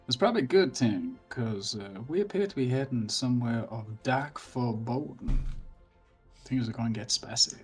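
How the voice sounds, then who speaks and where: A man voicing a calm, wry monk from a distant land in a tabletop role-play. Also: medium pitch, moderate pace, breathy edge, faint music behind.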